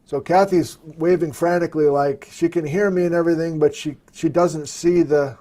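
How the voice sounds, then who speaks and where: A man hosting a live question-and-answer stream from his desktop computer, chatting casually and thinking aloud as he works the software. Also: on the high side, steady tone, moderate pace.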